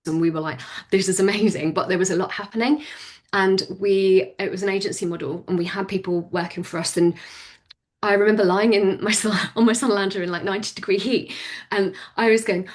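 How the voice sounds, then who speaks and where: A woman's voice: mid-range voice, steady tone, fast. A woman in her forties, chatting as an interview guest, laughing often and restarting her sentences. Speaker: podcast guest, business owner. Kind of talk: casual interview chat.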